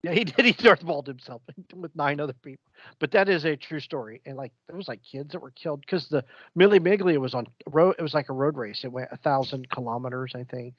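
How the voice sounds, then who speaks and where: A man, co-hosting a podcast and telling stories in casual, animated chat. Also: a little high, fast talker, no room sound, dull audio. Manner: rambling, animated storyteller. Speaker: podcast co-host.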